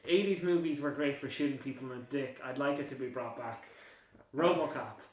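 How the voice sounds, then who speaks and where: A man's voice: mid-range voice, brisk, far from the mic. A man hosting a casual film podcast, rambling and laughing as he talks. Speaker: podcast host. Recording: echoey room, off-mic.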